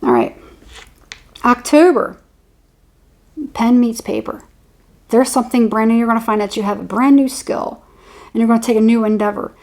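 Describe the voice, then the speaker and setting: Female psychic reader, slightly high voice with vocal fry, loose and repetitive delivery. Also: normal speed, pauses often, darkish tone. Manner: rambling, repeats words while channeling. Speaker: tarot reader. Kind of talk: intuitive horoscope reading.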